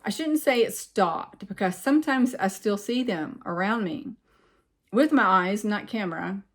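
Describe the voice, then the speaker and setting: Middle-aged woman rambling through a story to camera, earnest, repeats herself, mid pitch. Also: animated, measured pace. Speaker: vlogger and medium. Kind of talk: casual personal storytelling to camera.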